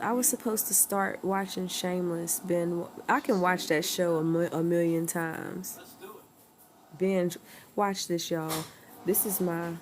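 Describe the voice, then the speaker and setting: A woman's voice: on the low side, a little hiss or hum. A woman chatting casually at home on a livestream, rambling and laughing often. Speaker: livestream host.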